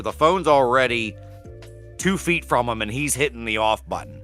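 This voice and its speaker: A man with a bright, mid-pitched voice tells relaxed stories in casual podcast chat. He laughs often and swears offhandedly. Faint music sits in the background. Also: normal speed. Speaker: podcast co-host.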